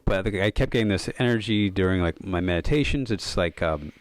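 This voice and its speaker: Deep-voiced man telling a reflective story. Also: a little fast. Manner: thoughtful, many fillers of "like" and "um". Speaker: podcast guest, yoga and meditation coach.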